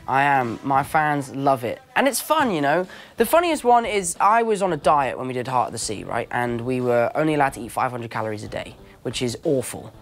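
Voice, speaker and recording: A man's voice: medium pitch, a little fast. A young man from London with an English accent, telling stories as an actor guest in a casual interview and acting out other people's voices. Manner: animated storyteller who acts out other voices.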